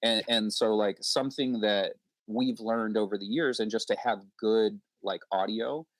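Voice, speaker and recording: A man's voice: lowish voice, unhurried, no echo. A man, a podcast host, chatting on a panel and acting out past exchanges in a rambling way. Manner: rambling, acts out quoted exchanges. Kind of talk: casual panel discussion.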